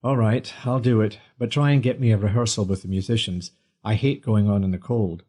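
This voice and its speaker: A man's voice: on the low side, steady tone, brisk, darkish tone, close to an everyday voice. A man voicing a young struggling singer, weary and seething.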